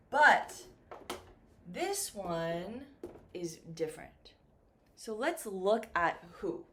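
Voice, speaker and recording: A woman teaching a beginner English lesson, speaking slowly and clearly and acting out example questions. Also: a little high, a little hiss or hum. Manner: slow and lively, with acted-out example questions.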